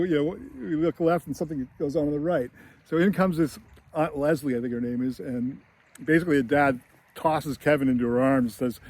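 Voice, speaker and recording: A man's voice: medium pitch, darkish tone. A man giving a casual, rambling film analysis with many fillers and chuckles. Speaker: screenwriting commentator.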